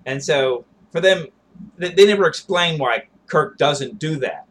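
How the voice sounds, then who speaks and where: A man's voice: on the high side, expressive, unhurried, fairly bright tone, breathy edge. A man co-hosting a podcast, talking through ideas in a thoughtful, digressive way. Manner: thoughtful and digressive, musing on tactics and history. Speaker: podcast co-host. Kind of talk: casual discussion.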